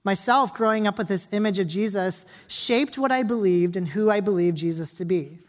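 A young adult woman pastor giving a sermon in a church hall, reading scripture softly and praying, then talking casually with the congregation with many fillers and asides. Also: mid-range voice, moderate pace. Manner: soft, quiet reading and prayer.

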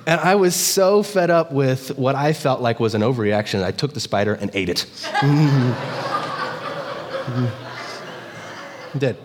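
A male pastor giving a sermon, telling jokes and stories in an animated way. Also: medium pitch, takes it slowly, pauses often, noisy background. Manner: animated storytelling, joking asides. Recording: long hall reverb.

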